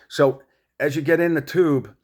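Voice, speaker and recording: A man's voice: a little high, fairly even intonation, moderate pace, darkish tone. A middle-aged man rambling at home, swearing and confronting an absent rival in a long monologue. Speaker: vlogger.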